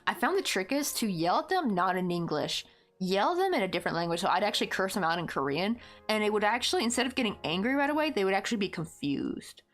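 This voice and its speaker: A woman's voice: medium pitch, sing-song, quick pace, soft background music. A woman from Tennessee with a light West Tennessee Southern accent, chatting casually and rambling with lots of fillers while she crochets on a livestream. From Tennessee, United States.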